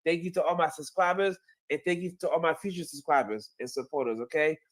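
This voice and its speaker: A man's voice: fairly high pitch, quick pace. A man hosting his own channel, chatting casually about sports and reacting to a clip, laughing often and repeating himself. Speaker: channel host.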